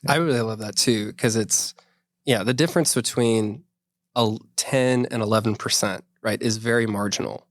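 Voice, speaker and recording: A man's voice: fairly low pitch, normal speed, dry recording. A man co-hosting a casual podcast discussion, talking in a rambling way with many restarts. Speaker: podcast co-host.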